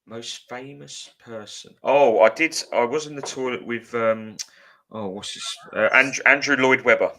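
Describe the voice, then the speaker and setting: A man's voice: medium pitch, unhurried, bright, forceful tone. A man co-hosting a podcast, telling rambling anecdotes full of ums and uhs. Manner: rambling anecdotes with many fillers. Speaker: podcast co-host. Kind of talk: casual chat. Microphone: podcast microphone.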